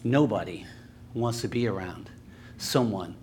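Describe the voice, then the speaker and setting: A man's voice: fairly low pitch, measured pace, darkish tone, slight background noise. A male preacher giving a casual, joking sermon in a church, slipping into sarcastic asides.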